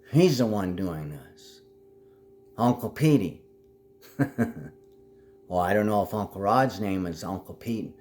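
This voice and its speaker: A man talking to camera in a rambling monologue, agitated and drifting in and out of anger as he speaks to absent family members. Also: fairly low pitch. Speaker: vlogger.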